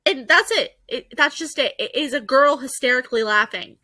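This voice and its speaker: A woman gives casual, blunt commentary in a bright, slightly high voice, swearing freely. The sound is dry and close to the mic. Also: measured pace, long pauses, no room sound, low-quality recording. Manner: blunt, exasperated, swears a lot. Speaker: video host reviewing ads.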